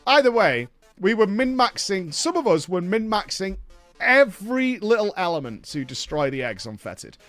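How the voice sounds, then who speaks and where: Male streamer host, fairly high voice, casual and profane, faint music underneath. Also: sing-song, normal speed, fairly bright tone, dry recording. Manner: rambling, profane, breaks off to thank viewers. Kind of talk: casual live-stream storytelling.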